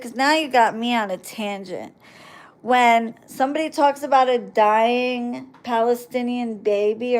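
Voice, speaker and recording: Sarcastic woman ranting on a live stream. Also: on the high side.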